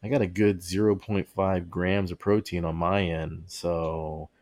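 A man's voice: low-pitched, flat delivery, a little slow, a little mellow. A man co-hosting a podcast in casual chat, rambling and often breaking into laughter mid-sentence. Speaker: podcast co-host.

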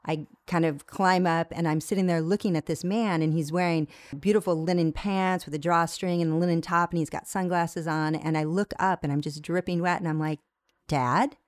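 A woman guest tells a long personal story in an animated way, stumbling and restarting as she goes. Her voice sits a little low for a woman. The recording is close and dry, with no room sound. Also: brisk, few pauses, dry recording. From United States. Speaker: interview guest, yoga teacher. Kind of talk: storytelling in a conversation.

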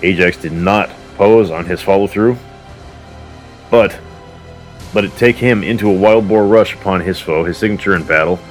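A man with a very deep voice retells an old myth in a loose, conversational way. He drops in offhand asides as he goes. Soft music plays faintly underneath. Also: normal speed, pauses often. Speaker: storyteller.

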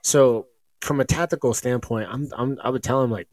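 A man's voice: mid-range voice, steady tone, normal speed, darkish tone, no room sound. A man guesting on a sports talk show, speaking in a loose, rambling way with lots of restarts. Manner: rambling, many restarts and fillers. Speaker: podcast guest. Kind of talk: casual sports chat.

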